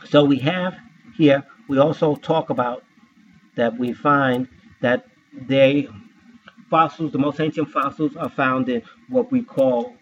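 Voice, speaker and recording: A man's voice: mid-range voice, steady tone, slow pace. Man, scripture teacher, spells words out, asks questions; muffled, slightly noisy recording. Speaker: Bible teacher.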